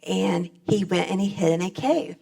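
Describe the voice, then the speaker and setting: A woman's voice: mid-range voice, moderate pace, creaky, dark tone. A middle-aged woman speaking on stage at a convention, giving a plainspoken, folksy personal testimony.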